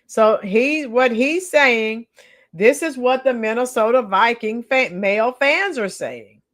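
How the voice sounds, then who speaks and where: A talkative woman hosting a casual livestream, with a slightly high voice. She reads viewer comments aloud and answers them in a relaxed, chatty way. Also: slow. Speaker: livestream host.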